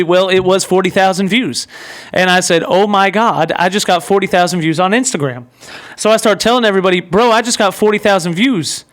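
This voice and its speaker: A man hosting his own podcast, telling a story in a rambling, excitable way full of casual filler words. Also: high voice. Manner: excitable, rambling, heavy use of "like" and "bro". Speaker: podcast host.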